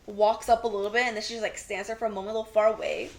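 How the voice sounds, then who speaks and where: With heavy vocal fry and a medium pitch, a young woman co-hosting a podcast rattles through a TV episode recap at a very fast clip. Her storytelling is lively, she acts out what the characters say, and "like" comes up again and again.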